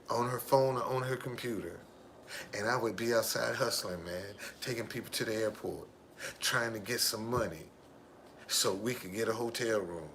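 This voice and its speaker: A man's voice: on the low side, a bit bright, a little hiss or hum. A man telling his own life story in an emphatic way, repeating his key phrases for weight. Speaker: driver. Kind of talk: personal storytelling monologue.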